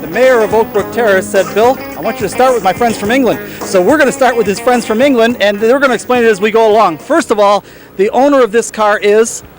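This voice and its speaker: A man's voice: high-pitched, music in the background. A man hosting an outdoor car show interview, joking and teasing his guests. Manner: teasing, fast-talking.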